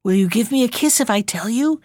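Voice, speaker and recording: A kind young man, son of a witch, speaking in a hushed whisper, as a woman reads his part. It is a fairy-tale reading, dry and close to the microphone. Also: fairly high pitch, lively intonation, brisk, dry recording, natural voice. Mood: coaxing. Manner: hushed whisper through a wall.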